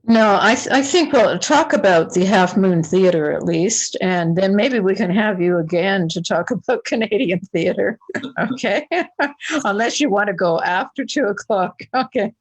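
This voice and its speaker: A woman hosting a streamed talk, briefly and gently prompting the guest over a video call. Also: medium pitch, animated, moderate pace, breathy edge, poor audio. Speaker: host moderating the talk. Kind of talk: casual chat.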